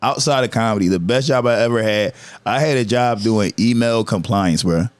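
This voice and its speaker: A man, a comedian guest on a podcast, telling stories in animated, profane, laughing chat. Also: on the low side, normal speed.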